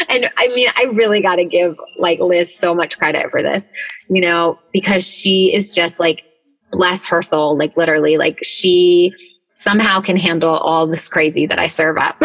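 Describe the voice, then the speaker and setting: A woman in casual conversation with a bright, forceful tone. She speaks candidly and emotionally, leaning heavily on filler words and swearing freely. She is recording from her closet. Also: fairly low pitch, normal speed, low-quality recording. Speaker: podcast co-host.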